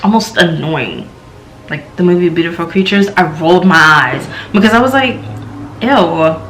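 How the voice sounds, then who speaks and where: A woman's voice: animated, a bit bright, soft background music, rough recording. A young woman from the American South with a light Southern accent, casually reviewing a TV episode in a rambling way with many fillers. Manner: rambling, filler-heavy, slow and low-key. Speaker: TV show reviewer.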